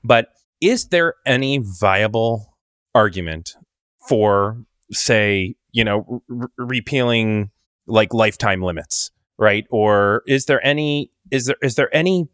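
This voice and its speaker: A man hosting an interview, asking questions in a halting, searching way with many restarts. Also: lowish voice, a bit bright, clean tone, no echo, studio quality. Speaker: podcast host. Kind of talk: interview conversation.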